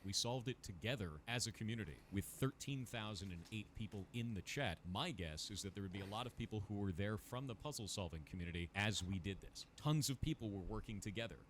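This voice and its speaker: A man explaining and defending himself in a measured, prepared statement. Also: lowish voice, lively intonation, a little hiss or hum.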